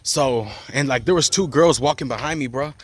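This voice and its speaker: Recorded outdoors on his phone, a man rambles through a personal story loaded with profane slang, restarts and "bro." His voice is medium-pitched at normal speed, with slight background noise.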